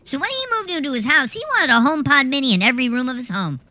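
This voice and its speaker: A woman telling a rambling anecdote in a casual, animated way, swearing freely as she goes. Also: sits high, fast, no room sound. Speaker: storyteller.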